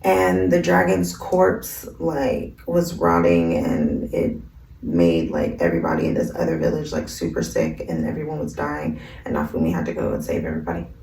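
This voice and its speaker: A woman's voice: rumbling low, big pitch swings, normal speed, gravelly, a little mellow. A woman casually recapping an anime episode in a slangy, rambling way, full of "like" fillers. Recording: roomy, from a distance.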